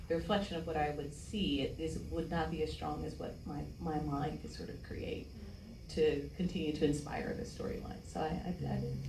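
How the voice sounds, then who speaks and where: Reflective woman on a panel, lower voice. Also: noisy background. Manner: earnest, reflective, halting. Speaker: actress on a panel. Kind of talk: casual panel talk. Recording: roomy live room, distant mic, audible ambience.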